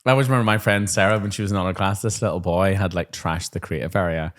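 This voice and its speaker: A man in his thirties, a teacher co-hosting a chat show, telling lively stories and acting out classroom voices. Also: low-pitched, fast. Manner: animated storyteller, acts out classroom voices. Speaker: podcast co-host, teacher. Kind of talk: casual chat.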